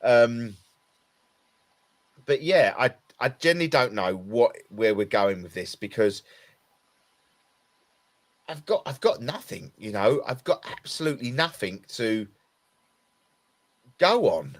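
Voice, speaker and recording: A man's voice: medium pitch, big pitch swings, slow, long pauses. A tired man with an Essex accent, co-hosting a casual talk show and rambling with many restarts. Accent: Essex English. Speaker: podcast co-host. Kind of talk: casual conversation.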